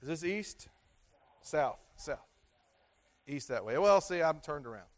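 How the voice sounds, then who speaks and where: A man's voice: fairly high pitch, expressive, brisk. Earnest man in his thirties preaching. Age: 30s. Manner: earnest, repetitive preaching with swells of emphasis. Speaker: pastor. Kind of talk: sermon.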